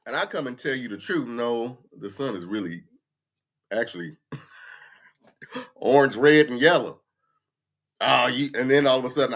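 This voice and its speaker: Blunt, animated man in his fifties. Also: medium pitch, moderate pace, long pauses. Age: 50s. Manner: blunt, animated ranting with profanity and laughter. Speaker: livestream host. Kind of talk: casual livestream chat. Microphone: computer mic for a livestream.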